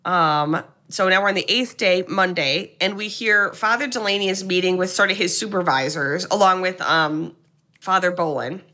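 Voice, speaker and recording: A young woman chats through a film's plot in an animated, casual way. Her voice is bright and clear. She slips into the characters' lines as she goes. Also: fairly low pitch, normal speed. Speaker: podcast co-host. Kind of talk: casual chat recapping a film.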